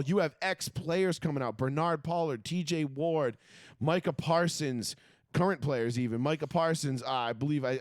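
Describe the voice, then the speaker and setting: Profane ranting man, a bit high. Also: no room sound, studio quality. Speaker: podcast co-host. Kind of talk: casual sports chat.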